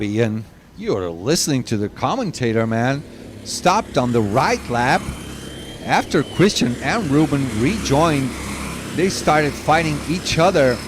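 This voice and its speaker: A man's voice: a little high, a little hiss or hum. A man commentating live kart races, reading long lists of drivers and chatting to viewers, running out of breath. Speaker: race commentator.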